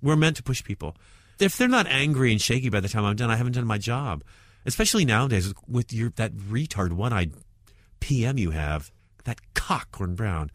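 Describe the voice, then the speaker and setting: A provocative comedian, a man, talking in an interview. His pitch leaps and drops all over as he jabs and mutters. The recording is close and completely dry. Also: moderate pace, dry recording. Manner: provocative, animated, swings between loud jabs and muttered asides. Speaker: stand-up comedian.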